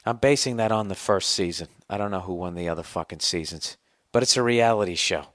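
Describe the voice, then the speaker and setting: A man in his forties rants on his podcast with sarcastic, profane asides. His voice sits a bit low. The close studio mic sounds dry. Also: fairly quick, a bit bright, no echo. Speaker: podcast host. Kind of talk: casual comedic rant.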